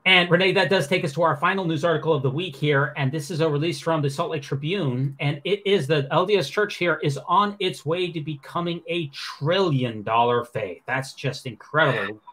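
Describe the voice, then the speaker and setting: A man's voice: a little high, fairly bright tone. A man hosting a podcast, running through the news with sarcastic commentary. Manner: sarcastic, fast-talking. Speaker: podcast host.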